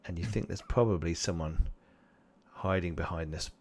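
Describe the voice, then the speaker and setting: A man narrating as game master of a tabletop role-playing game, pausing often with ums. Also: sits low. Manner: hesitant, full of ums and restarts.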